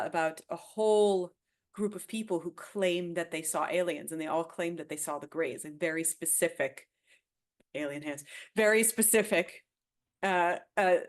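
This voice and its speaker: A woman author guesting on a podcast, chatting casually with a lively, teasing, storytelling manner. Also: lowish voice. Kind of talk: casual chat.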